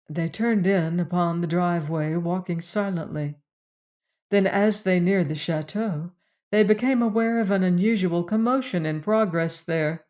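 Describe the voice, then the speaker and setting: A man reading a novel aloud as an audiobook narrator, in a measured, even delivery. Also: sits high.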